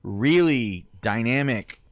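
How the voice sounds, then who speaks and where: A man's voice: medium pitch, slow, no room sound, studio quality. Rambling man on a movie podcast. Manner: rambling, animated storytelling. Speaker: podcast co-host. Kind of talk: casual movie chat.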